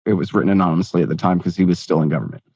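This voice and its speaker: A man speaking as a guest in a casual interview, making his points in an emphatic, fast-flowing, opinionated way with sardonic asides. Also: low voice, fairly even intonation, mellow, slightly rough, dry recording.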